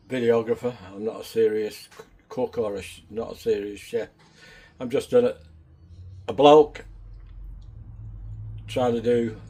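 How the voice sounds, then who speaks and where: A man's voice: medium pitch, mellow, husky. A man, chatting casually in a home cooking vlog, rambling and down to earth. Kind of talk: casual chat.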